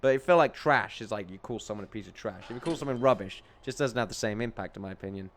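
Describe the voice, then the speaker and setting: A man's voice: lowish voice, fast talker, a little hiss or hum. A young English man commentating his video game play in a rambling, jokey way, chuckling often. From England. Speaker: let's play host.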